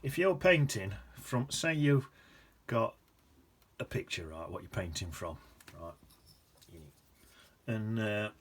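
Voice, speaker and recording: A man's voice: lowish voice, expressive, slow pace, pauses often, slightly rough. Chatty man teaching watercolour. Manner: chatty, rambling self-talk with muttered asides. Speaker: painting teacher. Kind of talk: casual painting demonstration.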